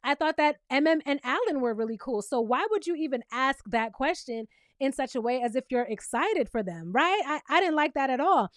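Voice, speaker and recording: A sassy woman with a high voice recaps a reality show, casual and animated and fairly quick. She flips between her own commentary and mock quotes. The audio is dry and close, with no room echo.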